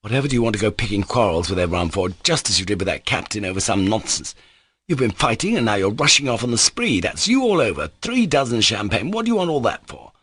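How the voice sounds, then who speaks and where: A man's voice: on the low side, sing-song, fast talker, a bit bright, breathy edge, dry recording, heavily acted. A man voicing a wary, sensible young official in an audiobook reading, questioning and reproachful.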